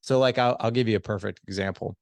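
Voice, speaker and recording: A middle-aged man on a podcast as a guest, coaching on marriage skills in a lively conversational way and acting out quoted dialogue. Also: on the low side, quick pace, creaky, no room sound. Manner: animated, acts out quoted dialogue. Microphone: studio headset.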